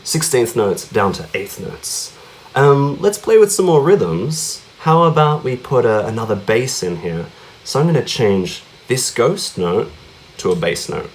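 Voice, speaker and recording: In a casual cajon lesson, this man speaks at a measured pace in a mid-range voice that's highly animated. He chats freely, leans on "yeah?" and "right?" to check in, and both counts out the rhythms and mimics the drum hits with his voice.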